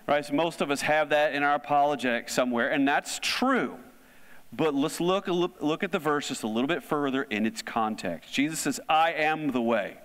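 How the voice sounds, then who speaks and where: Male pastor, slightly high voice, conversational sermon, reverberant hall sound. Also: fairly bright tone. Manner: conversational, asks the audience questions. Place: church hall.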